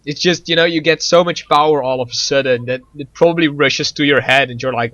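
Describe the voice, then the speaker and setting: A man's voice: a little high, a little fast, a bit bright, muffled recording. A man co-hosting a casual gaming chat, rambling with stammers, restarts and frequent laughs. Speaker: gaming podcast co-host.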